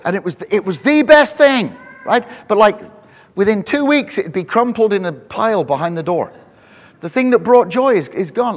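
A man preaching a sermon to a congregation, telling animated stories with frequent restarts. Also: high-pitched. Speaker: pastor. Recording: long hall reverb.

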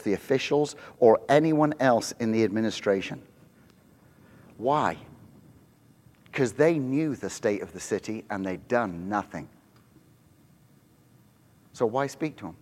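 A man preaching a sermon, swinging between quiet asides and loud, high, emphatic peaks. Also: in a large hall. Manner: animated, rising to emphatic high-pitched peaks. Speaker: pastor.

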